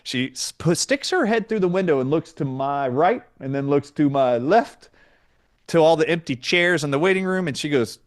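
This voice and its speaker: A man tells a story as an interview guest, with lively emphasis and acted-out exchanges. His voice sits a little higher than most men's. He talks with energy and stresses his points. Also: normal speed. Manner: animated, emphatic, acts out dialogue. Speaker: guest doctor.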